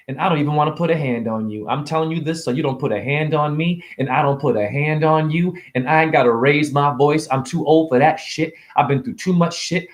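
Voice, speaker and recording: A middle-aged man, a self-styled spiritual teacher, giving a profane, confrontational freestyle lecture. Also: on the high side. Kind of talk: freestyle preachy rant. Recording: echoey room.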